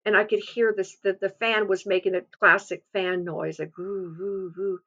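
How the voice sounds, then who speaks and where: A woman's voice: medium pitch, moderate pace, a bit bright. A woman giving an earnest devotional testimony and exhortation, stressing her points by repeating phrases. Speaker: devotional speaker. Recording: dull lo-fi sound.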